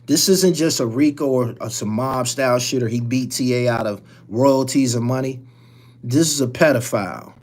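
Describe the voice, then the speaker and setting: A man hosting a call-in live stream, talking in a loose, unscripted way. He is blunt and profane, and he often restarts his sentences as he rambles through his thoughts. His pitch sits in the middle range. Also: moderate pace, a little mellow. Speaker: call-in show host.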